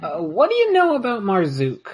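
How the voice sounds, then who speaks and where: A player in a tabletop role-playing game, mid-pitched and plain-spoken. They ask direct questions and sum things up. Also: huge pitch swings, moderate pace, breathy edge.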